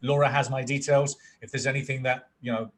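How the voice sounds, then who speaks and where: A man's voice: mid-range voice, level tone, fairly quick, a little hiss or hum. A man with a British accent co-hosting an online panel in a casual, joking, friendly way. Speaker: co-host.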